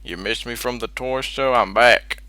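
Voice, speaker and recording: A man voicing a loud cowboy toy character who says he comes from Texas. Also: mid-range voice, a little slow, no room sound. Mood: boisterous.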